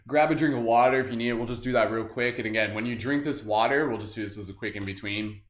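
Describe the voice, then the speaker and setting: A man's voice: mid-range voice, fast, few pauses, slight background noise. A man hosts a live guided group meditation, casual and upbeat, with many fillers and frequent laughs. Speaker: meditation host. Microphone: livestream camera mic. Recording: echoey room.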